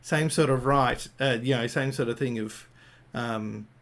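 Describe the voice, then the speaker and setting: A man's voice: medium pitch, unhurried, fairly bright tone. An Australian man giving an improvised Christian talk, thinking aloud with frequent fillers and restarts. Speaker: Christian speaker.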